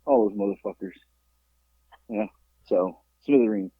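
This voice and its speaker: A man from Florida, a podcast host, telling a profane story in a lively, repetitive way. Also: medium pitch, measured pace, vocal fry, husky, no room sound, phone-quality sound. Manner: animated, profane, repeats himself. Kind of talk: casual storytelling chat.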